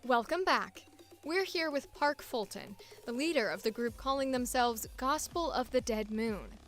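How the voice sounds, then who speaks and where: A woman doing a female TV host, composed, measured newscaster delivery, higher pitch. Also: lively intonation, a bit bright, soft background music. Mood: probing. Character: composed female TV host interviewing a cult leader.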